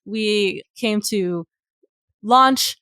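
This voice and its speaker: A woman's voice: mid-range voice, very slow, pushed and bright, smooth, dry recording, studio quality. A woman co-hosting a film podcast in casual chat, playful and laughing often. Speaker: podcast co-host.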